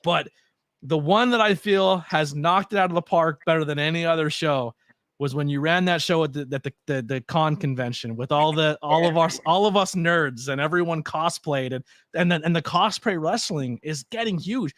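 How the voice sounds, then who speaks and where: A man's voice: a little high, moderate pace, fairly bright tone, no echo, clean studio sound. A man speaking as a podcast guest, rambling enthusiastically and restarting his sentences often. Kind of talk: casual chat.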